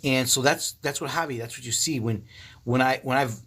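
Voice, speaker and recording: Husky fifty-something man, profane and animated. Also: mid-range voice, a little fast. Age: 50s. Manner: profane, animated storytelling with laughs. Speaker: livestream host. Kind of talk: casual livestream chat. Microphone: phone.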